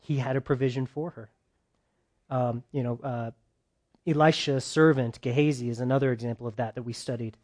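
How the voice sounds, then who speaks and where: A man preaching a conversational sermon who keeps asking his listeners questions and swings between loud, emphatic bursts and quiet, soft stretches. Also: medium pitch, steady tone, brisk.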